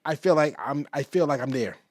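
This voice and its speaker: Brief: male podcast guest, slightly higher voice, dry close sound, reflective. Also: animated, no echo. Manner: reflective, measured, drops to a low quiet voice when making a point. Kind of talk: casual chat.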